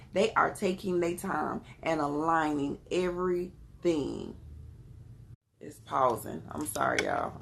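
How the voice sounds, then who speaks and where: A woman with a Southern US accent talks loosely to her live-stream audience as she pulls tarot cards, addressing them as y'all and beloved. Her voice sits on the low side with plenty of gravelly fry, over a faint hiss of background noise. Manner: chatty, calls viewers y'all and beloved. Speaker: tarot card reader. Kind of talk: casual live-stream chat with viewers.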